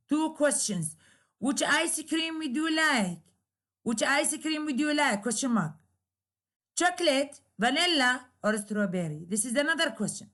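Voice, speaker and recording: A woman's voice: sits high, sharp tone. A woman lecturer whose first language is Arabic, explaining English intonation in a recorded class, repeating herself and using many fillers while acting out example questions.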